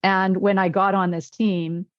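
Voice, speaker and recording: A woman's voice: medium pitch, flat delivery, unhurried, dry recording, lo-fi sound. A woman physician and wellness coach in a podcast interview, telling stories and acting out quoted dialogue.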